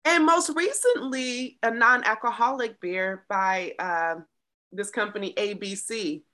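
A woman triathlete guest in a casual interview, animated and laughing easily. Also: mid-range voice, measured pace. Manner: animated, laughs easily, swings loud to soft.

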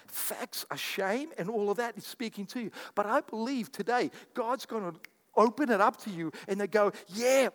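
A man preaching a sermon as pastor, animated and repetitive, telling stories to his church. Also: high voice, long reverb tail. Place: church sanctuary.

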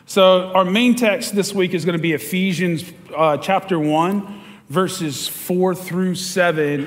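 A man, a pastor, giving a sermon and telling a story with lively storytelling and chuckles. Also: high voice. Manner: storytelling, animated, chuckles while telling stories. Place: church sanctuary. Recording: church hall with long reverb.

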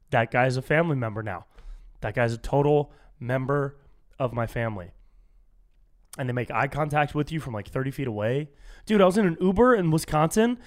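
A young man from California hosting a solo comedy podcast, telling casual stories and acting out strangers he quotes. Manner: animated storytelling, acts out quoted strangers in higher voice.

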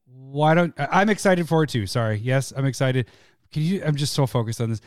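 A man co-hosting a podcast, excitable and giggly, talking in quick bursts. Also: mid-range voice, clean tone, no echo, studio quality. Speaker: podcast co-host. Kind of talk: casual chat about card games.

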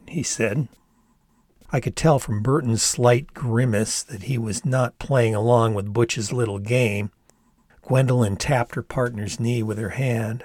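An older man reading his own memoir aloud in a measured storytelling manner. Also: medium pitch, steady tone, darkish tone, no room sound, studio quality. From Ann Arbor, Michigan, USA. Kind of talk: audiobook narration.

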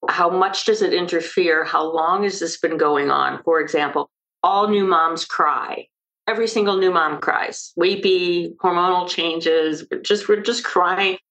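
An older woman speaks as a guest on a podcast interview. Her voice sits fairly low, and she explains things emphatically, bringing in lively stories. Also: a little slow, low-quality recording. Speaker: maternal mental health expert guest.

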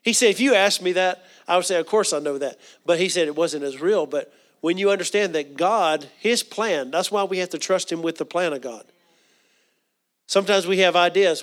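A man's voice: high voice, normal speed. A middle-aged man preaching a sermon. He often repeats words and asks the congregation questions. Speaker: pastor.

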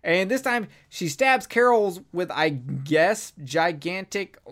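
A podcast co-host in a casual film review chat, talking in an animated, profane and rambling way. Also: medium pitch, slow.

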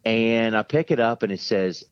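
A man from the Charlotte area, a guest who tells a story with a lively, self-mocking manner and laughs often along the way. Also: fairly low pitch, moderate pace, smooth. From Charlotte area, USA. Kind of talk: anecdotal storytelling. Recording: dull, dry lo-fi sound.

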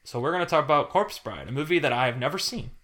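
A young man co-hosting a casual film podcast, talking in an animated, rambling way and laughing easily. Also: on the high side, fast talker. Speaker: podcast co-host.

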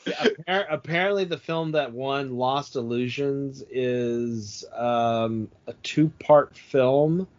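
A man's voice: mid-range voice, slow, hardly any pauses, muffled recording. A man hosting a casual comedic chat about a film, trading jokes and asides. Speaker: podcast host.

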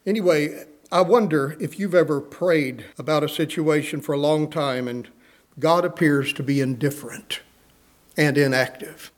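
A man's voice: fairly high pitch, moderate pace. A man preaching a sermon, earnestly reading scripture aloud and putting questions to his listeners.

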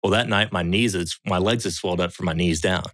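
A man's voice: sits low, steady tone, quick pace, a bit bright, no room sound. A man from the United States, a podcast guest, telling a story in blunt, profane casual talk. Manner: blunt and profane, quotes others as he tells it.

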